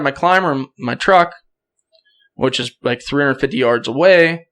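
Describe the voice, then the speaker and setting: A young man, a podcast guest, telling a hunting story in a casual, animated way and acting out the quoted voices. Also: mid-range voice, normal speed.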